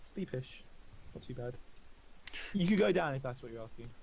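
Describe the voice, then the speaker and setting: A man's voice: mid-range voice, lively intonation, moderate pace, gravelly, darkish tone, slightly rough, rough recording. A man narrating as game master in a tabletop game, hesitant and full of fillers. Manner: hesitant, filler-heavy, laughing often.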